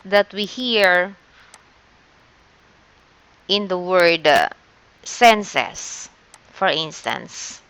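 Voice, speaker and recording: A Filipino woman teaches an online lesson, walking through each step patiently. Her voice is smooth and clear, sitting a little low. She speaks very slowly. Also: expressive, a bit bright. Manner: patient, explains step by step, frequent "okay". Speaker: shorthand teacher.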